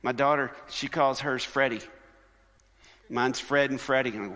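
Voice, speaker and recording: A man giving a conversational, sermon-style conference talk, animated and lively, often acting out quoted voices. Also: mid-range voice, normal speed. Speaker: conference speaker. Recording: long hall reverb.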